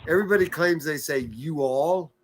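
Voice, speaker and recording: A man's voice: fairly high pitch, fairly quick, slight background noise. A man hosting a livestream, chatting casually, joking and laughing as he reads viewer comments. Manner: jokey, laughs often, plays with words. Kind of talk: casual chat.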